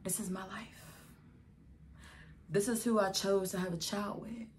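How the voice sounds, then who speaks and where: A woman's voice: mid-range voice, fairly even intonation, a little slow, slight background noise. A young adult woman telling her own story in a vlog, emotional and exasperated, talking straight to her viewers. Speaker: vlogger telling a personal story.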